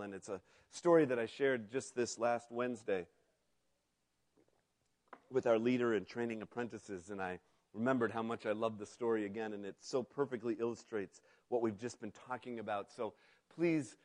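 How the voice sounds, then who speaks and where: A man's voice: mid-range voice, a little mellow. A man preaching a sermon, an earnest pastor who reads a story aloud to his congregation.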